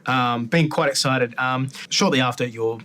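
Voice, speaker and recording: A man running a tabletop game, narrating in a loose, casual way. His voice sits at a middle pitch, with a faint hiss behind it. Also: moderate pace. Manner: casual, relaxed narration with fillers. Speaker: game master.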